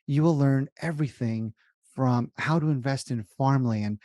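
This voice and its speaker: Lively storytelling man, dry close sound. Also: mid-range voice, normal speed, dry recording. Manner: lively storyteller who acts out dialogue. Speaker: guest, real estate investor. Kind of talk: casual interview talk.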